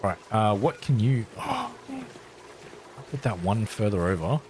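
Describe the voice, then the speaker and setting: A man's voice: lowish voice, wildly swooping pitch, measured pace, a little hiss or hum. A man casually live-streaming a game, thinking aloud as he builds and chatting playfully with his viewers.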